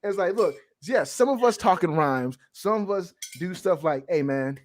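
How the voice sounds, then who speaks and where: A man from the Southern United States hosting a casual comic-review podcast, animated and joking, with frequent laughs and restarts. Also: high voice, moderate pace. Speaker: podcast host. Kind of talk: casual chat.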